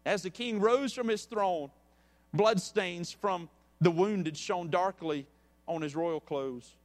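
A man preaching a sermon in a church, reading a story and then pleading earnestly and softly with listeners. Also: high-pitched. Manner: earnest and pleading, dropping soft.

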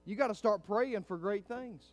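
Man preaching with rising loud climaxes. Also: sits high, normal speed. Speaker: pastor. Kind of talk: sermon. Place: church.

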